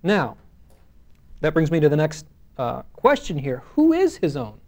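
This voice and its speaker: High-voiced man teaching a Bible study. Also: huge pitch swings, measured pace, darkish tone. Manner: conversational, reads scripture aloud with emphasis, frequent fillers. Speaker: pastor leading Bible study.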